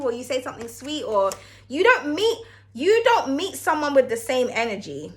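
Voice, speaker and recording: Brisk and sharp-toned, this tarot card reader's high voice has big pitch swings. She gives a casual reading to camera, chatting frankly, swearing freely and addressing the viewer as darling.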